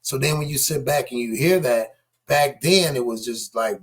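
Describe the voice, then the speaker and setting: A man's voice: mid-range voice, normal speed, husky. A man giving casual, skeptical commentary on news clips, talking straight to his viewers.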